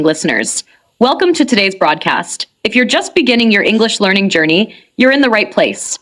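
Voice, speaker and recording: A woman reading a scripted English lesson for beginners in a clear, measured way. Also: mid-range voice. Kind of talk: scripted instructional narration.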